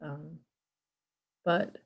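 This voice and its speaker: A woman in casual podcast chat, talking in a hesitant, halting way as she searches for words. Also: deep voice, steady tone. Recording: dull lo-fi sound.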